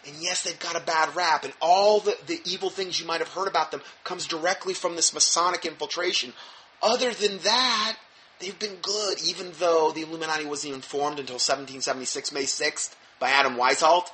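A man reads from an article and keeps interrupting it with mocking, sarcastic remarks. His voice sits somewhat high and sounds bright and forceful. He often stumbles, repeats words and restarts his phrases as he goes. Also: steady tone, brisk, a little hiss or hum. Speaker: commentator reading an article. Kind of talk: sarcastic commentary on a read article.

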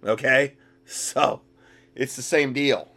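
A man co-hosting a talk radio show, cutting in with forceful quick asides. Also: mid-range voice. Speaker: radio co-host.

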